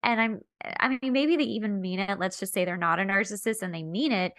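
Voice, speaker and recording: A woman co-hosting a podcast in casual chat, talking in a chatty, animated way and acting out quoted lines. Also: medium pitch, a little fast, dry recording. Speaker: podcast co-host.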